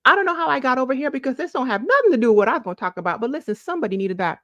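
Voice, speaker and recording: A woman's voice: sits high, lively intonation, very fast, fairly bright tone, no room sound, lo-fi sound. A woman chatting to camera in a casual, preachy way, affectionately calling viewers "boo-boo" and drawing out words for emphasis. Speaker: lifestyle vlogger. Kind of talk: casual motivational chat to camera.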